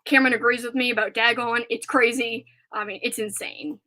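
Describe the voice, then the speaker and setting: A woman's voice: fairly high pitch, fairly even intonation, fairly quick, sharp tone. A woman hosting a casual live stream, chatting in a rambling way with many filler words.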